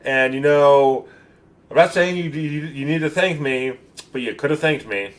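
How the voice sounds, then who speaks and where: Man putting on an exasperated older guy, indignant, stammering, a bit louder and higher. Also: moderate pace, close to an everyday voice. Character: indignant middle-aged man scolding an ungrateful guest.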